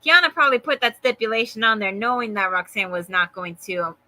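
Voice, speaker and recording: A woman's voice: on the high side, fairly quick, pushed and bright, low-quality recording. A woman co-hosting a casual chat, sassy and emphatic. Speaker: co-host.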